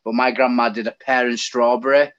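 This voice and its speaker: A man's voice: mid-range voice, flat delivery, brisk, fairly bright tone. A middle-aged man, a talkative guest telling stories in a casual live stream chat. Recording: slightly dull lo-fi call audio.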